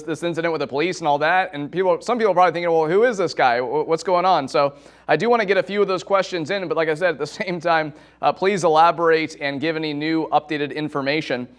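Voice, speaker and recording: A man hosting an interview, asking long, halting questions with stammered restarts. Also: a little high. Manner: halting, stammering, loose phrasing. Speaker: interview host.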